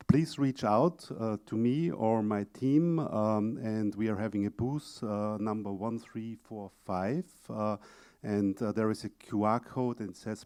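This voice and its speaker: Austrian-accented male presenter, deep and warm, halting conference pitch. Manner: hesitant, frequent filler sounds. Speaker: exhibition presenter.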